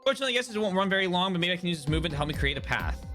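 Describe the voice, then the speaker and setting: A man's voice: high-pitched, very animated, very fast, music in the background. A man voicing a wry, matter-of-fact ghost in a game. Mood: plotting.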